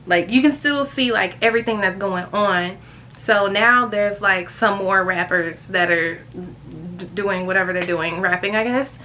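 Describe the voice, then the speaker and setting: Young woman, storytime vlogger, chatty, animated, bright tone, faint background noise. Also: normal speed. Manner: chatty, animated, jumps high when quoting friends. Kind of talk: casual storytime vlog.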